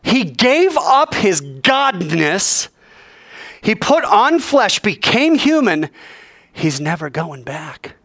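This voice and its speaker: Youth preacher, animated and playful, lively pitch. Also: male voice, slow pace, dry recording, studio quality. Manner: animated, playful, acts out scenes. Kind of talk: casual sermon.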